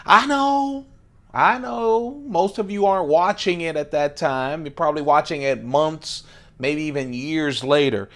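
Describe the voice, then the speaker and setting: A man's voice: a little high, normal speed. A man hosting a casual show-and-tell vlog, playful and enthusiastic, chuckling often and drawing words out for emphasis. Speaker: host of an everyday-carry knife channel.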